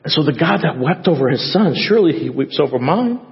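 A man preaching a sermon as a pastor, conversational at first and then building to loud, passionate emphasis. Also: fairly high pitch, lively intonation, brisk. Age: adult parent. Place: church sanctuary. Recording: dull sound with long hall reverb.

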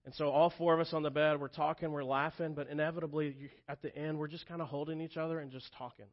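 A man in his thirties preaching a sermon as pastor, telling the story earnestly and dropping soft and quiet for tender moments. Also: fairly high pitch, fairly even intonation, fast talker, dull audio. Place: church sanctuary.

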